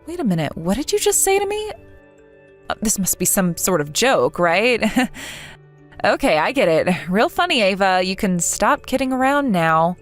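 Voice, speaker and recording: A woman's voice: medium pitch, very animated, moderate pace, faint music behind, lightly acted. A woman voicing a young woman in a text-message story who is betrayed by her friend, earnest, bewildered and hurt. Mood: confused.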